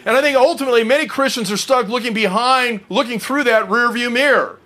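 High-voiced male preacher, earnest. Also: a little fast, bright, forceful tone. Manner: earnest, personal, asks the congregation questions. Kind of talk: sermon.

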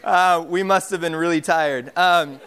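A man's voice: a little high, measured pace, a bit bright, some chatter behind. A young man preaching a sermon as pastor, telling family stories in a casual way with many fillers. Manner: casual storytelling with frequent fillers.

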